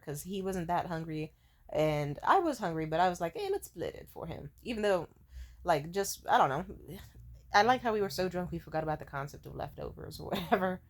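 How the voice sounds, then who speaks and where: Young woman vlogger, hungover, loose rambling storytime delivery. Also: lowish voice. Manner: rambling, laughing, swearing freely. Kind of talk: casual storytime rant.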